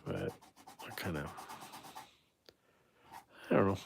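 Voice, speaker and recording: A man with a fairly low, gravelly voice talks casually to his livestream viewers while he paints. He muses aloud and is self-critical about how the piece is going. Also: huge pitch swings, slow, slight background noise.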